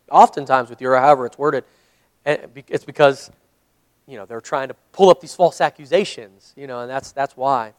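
A man's voice: mid-range voice, brisk, no room sound. A man, a pastor, leading a Bible study, reading scripture aloud and explaining it in a conversational way.

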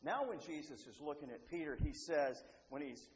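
Guy preaching in a big echoey room, fairly high voice, animated, kinda muffled sound. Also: normal speed. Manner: animated, acts out quoted voices, repeats and restarts. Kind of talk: sermon. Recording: roomy, dull, faintly noisy hall.

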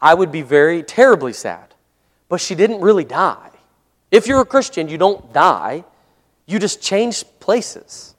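A man leading a casual Bible study as a pastor, conversational and given to chuckles and "Amen?" checks, slowing into a measured tone when reading scripture aloud. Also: on the high side, big-room sound. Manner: conversational, chuckles often, asks "Amen?" and "right?".

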